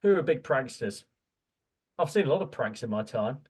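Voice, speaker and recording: A man's voice: medium pitch, lively intonation, normal speed, darkish tone, slightly rough. A man co-hosting a casual comic podcast about books, ranting and swearing in mock outrage. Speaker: podcast co-host. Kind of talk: casual comic book-review chat.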